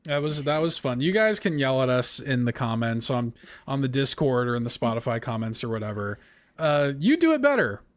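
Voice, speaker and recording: A man hosting a casual gaming podcast, chatty and quick to laugh, reading off a list of supporter names. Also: medium pitch, very animated, no echo. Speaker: podcast host. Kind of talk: casual chat.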